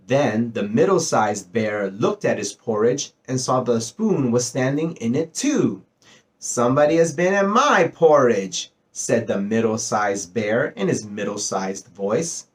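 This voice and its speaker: Brief: male storyteller, lively up-and-down delivery, bedtime reading voice. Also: medium pitch. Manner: expressive, rises and slows for effect.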